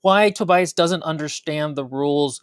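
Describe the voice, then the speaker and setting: A woman with a low voice co-hosting a casual book review podcast. Her delivery is dry and sarcastic, and the recording sounds close and free of any room echo. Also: moderate pace, clean tone. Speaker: podcast co-host.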